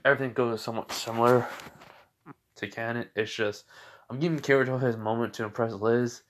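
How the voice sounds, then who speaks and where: A man's voice: medium pitch, steady tone, brisk, a little hiss or hum. A young man casually improvising a fan fiction story, rambling with many fillers and self-corrections.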